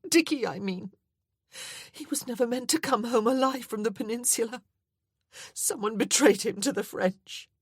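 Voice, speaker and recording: A woman's voice: a little high, moderate pace, husky, no room sound, studio quality, pitched above the performer's own voice. A woman voicing a grief-stricken young widow in tearful, wailing outbursts. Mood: pleading.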